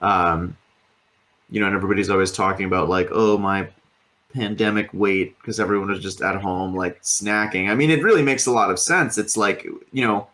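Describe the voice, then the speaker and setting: A man co-hosts a podcast, chatting casually and rambling with plenty of fillers and offhand swearing. His deep voice is a little fast with a sharp tone.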